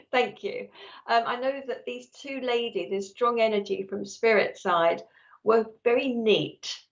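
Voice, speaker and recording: A woman's voice: on the high side, measured pace, gravelly, lo-fi sound. A woman working as a psychic medium, giving a live-streamed reading and talking nonstop in an effusive, chatty way.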